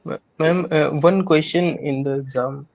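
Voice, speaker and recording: A man's voice: a little high, fairly even intonation, a little slow, vocal fry, darkish tone, dull audio. A man, a student, asking his teacher questions politely and a bit hesitantly over an online call. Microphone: video call.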